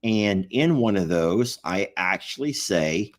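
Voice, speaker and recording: Guy chatting with his wife, low-ish voice, jokey, does the quotes. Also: lively intonation, slow. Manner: joking, acts out quoted texts with a raised voice. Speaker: co-host. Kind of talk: casual chat.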